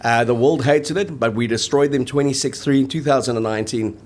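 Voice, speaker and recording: A man co-hosting a rugby show, chatting in lively, jokey banter. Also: mid-range voice, a little fast. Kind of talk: casual sports chat.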